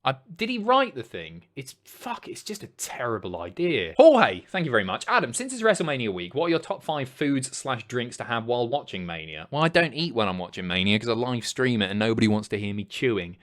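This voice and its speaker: A man's voice: mid-range voice, very animated, a little fast, few pauses. Sweary man streaming live. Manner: sweary, rambling, jokey, jumps between loud outbursts and mumbles. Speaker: live streamer reading chat messages. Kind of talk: casual livestream chat.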